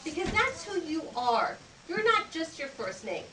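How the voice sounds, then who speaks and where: High-voiced woman teaching kids manners. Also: big pitch swings, unhurried. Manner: upbeat teacherly, acts out greetings and handshakes. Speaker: etiquette instructor. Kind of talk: teaching manners to a group of children. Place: library program room. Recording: echoey room, distant mic, background noise.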